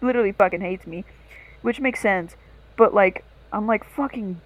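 A young woman on a casual podcast, telling a story in a loose, rambling way and swearing freely. She sits at a middle pitch and keeps her delivery animated. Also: moderate pace, phone-quality sound. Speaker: podcast co-host.

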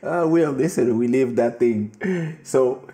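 A man's voice: medium pitch, slow, warm tone, echoey room, faint music behind. A man hosting a podcast who tells a story casually, laughing often, swearing freely and turning to address a friend. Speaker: podcast host. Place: home studio during a live stream.

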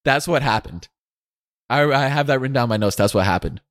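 A man's voice: medium pitch, animated, a little fast, a bit bright, no echo, clean studio sound. A young man co-hosting a casual podcast, telling a long family story and acting out the other people's lines as he goes. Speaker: co-host.

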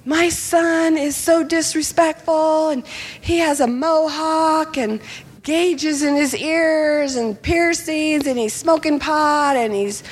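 A woman's voice: high voice, takes it slowly, pitched above the performer's own voice. A woman voicing an upset mother complaining about her teenage son. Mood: exasperated. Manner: exasperated, complaining.

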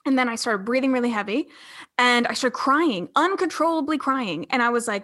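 Young woman in her twenties, interview guest; bright, forceful tone, candid and rambling. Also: on the high side, expressive. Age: 20s. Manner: candid, rambling, fast with many restarts. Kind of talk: casual storytelling interview.

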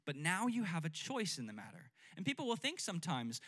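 A man's voice: fairly high pitch, huge pitch swings, fairly quick, fairly bright tone. A man preaching a sermon as pastor, talking conversationally, asking questions and leading the congregation in repeating phrases. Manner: conversational preaching with call-and-response, varying pace and emphasis.

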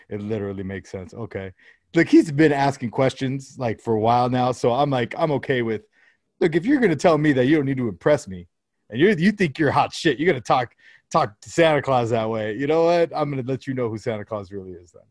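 A man's voice: mid-range voice, a little mellow, dry recording, studio quality. A man, likely in his thirties, telling a rambling, profane story about his kids in casual chat. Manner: rambling, profane anecdote-telling with quoted dialogue.

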